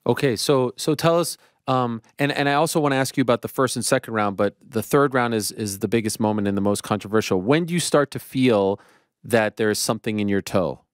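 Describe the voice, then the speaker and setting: A man's voice: medium pitch, fairly quick, no echo, clean studio sound. A man interviewing a fighter, asking short questions with small restarts.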